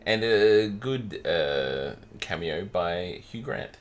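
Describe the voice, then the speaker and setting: He speaks slowly in a low-pitched, expressive voice. As a podcast co-host, he keeps the chat casual, sharing anecdotes punctuated by frequent laughs.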